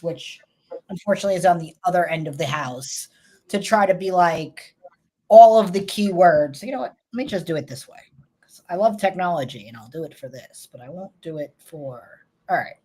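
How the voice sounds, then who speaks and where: Chatty New York woman, lowish voice. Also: animated, fairly quick, dark tone, husky. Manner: chatty, wry, rambling asides. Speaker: host tarot reader. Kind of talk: casual chat.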